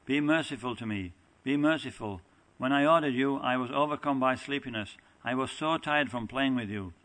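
A man's voice: mid-range voice, moderate pace, fairly bright tone, close to an everyday voice, low-quality recording. A man reading aloud the part of a desperate, lovesick young goddess, earnestly and plainly from a scripture text. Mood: pleading.

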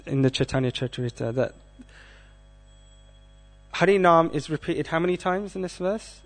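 A man giving a scripture class, speaking in a measured way and asking the audience questions. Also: on the high side, faint music behind.

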